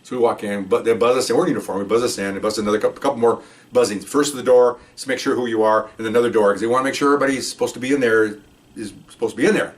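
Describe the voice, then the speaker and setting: Speaking at a racing pace with a steady tone, this middle-aged man has a medium-pitched voice picked up by a distant mic. He's a retired police officer meandering through a casual story, voicing its characters loudly.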